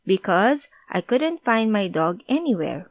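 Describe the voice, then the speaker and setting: A woman teacher explaining grammar clearly and patiently, working through example sentences. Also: mid-range voice, big pitch swings, unhurried, dry recording. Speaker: language teacher.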